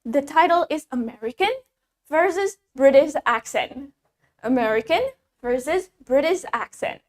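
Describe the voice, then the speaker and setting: A woman with an Indonesian accent teaching an English lesson, explaining in two languages and repeating example words slowly for students to copy. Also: high voice, lively intonation.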